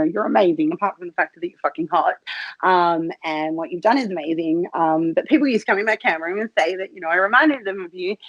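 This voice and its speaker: A woman's voice: lowish voice, no room sound, highs cut off. Giggly Australian woman, dry close sound. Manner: giggly, chatty, swears freely. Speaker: guest, cam model. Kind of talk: casual interview chat.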